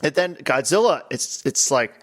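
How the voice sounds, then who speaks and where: A man hosting a casual podcast chat, animated and quick to break into mock voices and laughter. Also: mid-range voice. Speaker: podcast host.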